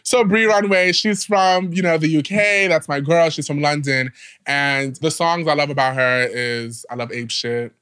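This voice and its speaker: A young man co-hosting a podcast, talking in an expressive, gushing, casual way. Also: on the high side, smooth. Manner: expressive, gushing, quick interjections. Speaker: podcast co-host. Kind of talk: casual chat.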